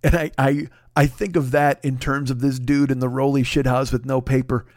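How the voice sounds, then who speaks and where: A man's voice: medium pitch, little pitch movement, moderate pace, a little mellow, no room sound, studio quality. A man, a comedian and show host, telling a story in a profane, exasperated rant full of rhetorical questions. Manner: exasperated, swears constantly, rants with rhetorical questions. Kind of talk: profane comic storytelling monologue.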